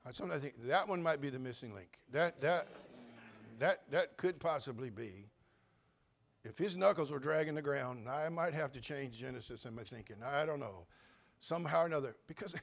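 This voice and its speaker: An older man preaching a sermon, folksy and joking, telling stories and rising into loud preaching at times. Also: fairly high pitch, gravelly. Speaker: pastor.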